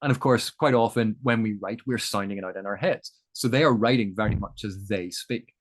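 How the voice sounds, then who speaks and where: A man's voice: fairly low pitch, a little fast. A man who is the guest of an interview, talking in a thoughtful, lecturing way and building each point with examples. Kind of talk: explanatory interview chat.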